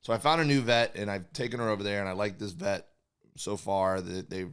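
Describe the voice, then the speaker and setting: Middle aged guy rambling thru a story, smooth low-ish voice. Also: fairly even intonation, a little fast, fairly bright tone. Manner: rambling storyteller, acts out conversations. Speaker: podcast co-host. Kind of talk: casual comedy chat.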